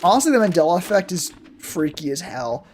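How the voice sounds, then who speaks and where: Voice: mid-range voice, very animated, fairly quick, a little mellow, a little hiss or hum. A game streamer chatting casually with viewers while playing, rambling and swearing freely. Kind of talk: casual live-stream chat while gaming.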